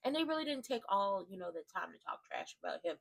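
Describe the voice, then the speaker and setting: A woman giving an animated, slangy rant that recaps a wrestling show, with emphatic asides to her viewers. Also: medium pitch, quick pace, creaky. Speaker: wrestling commentary vlogger. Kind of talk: casual ranting recap.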